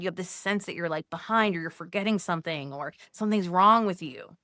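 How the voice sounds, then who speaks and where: A woman's voice: on the low side, fairly quick, few pauses, no echo, clean studio sound. A woman coaching Catholic mothers in a casual, conversational way, often saying "like" as she walks listeners through steps. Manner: conversational, frequent "like", gently coaching. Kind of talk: casual teaching talk.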